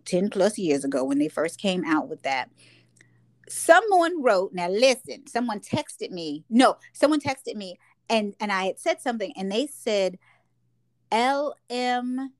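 An older woman co-hosting a casual chat, telling stories animatedly and acting out her own reactions. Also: dry recording. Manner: animated storyteller, acts out her own reactions with big pitch jumps. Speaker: podcast co-host.

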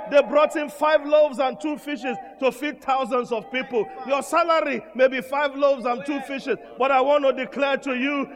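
Preacher, male, very high voice, shouted repeated declarations, echoey church hall, congregation audible. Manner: shouted declarations with call-and-response repetition. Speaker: pastor. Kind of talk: sermon. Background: congregation responding.

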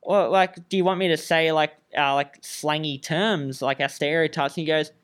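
A man's voice: a little high, fairly even intonation, normal speed, a bit bright, clean tone. A young Australian man and student athlete, chatting casually and telling stories with frequent laughs and fillers. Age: young adult. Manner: laughing often, story-telling, lots of fillers. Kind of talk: casual chat.

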